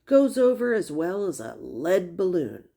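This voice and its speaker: A woman's voice: on the low side, very animated, unhurried, vocal fry, mellow. A woman giving critical commentary over clips, blunt and accusing, with pointed repeated questions. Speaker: commentary creator.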